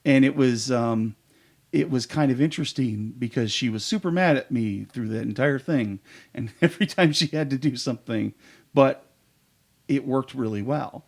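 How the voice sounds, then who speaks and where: A man with a gravelly, creaky voice talks in a relaxed podcast chat. He tells eager, rambling stories as an improv performer and trails off into fillers as he goes. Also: mid-range voice, moderate pace.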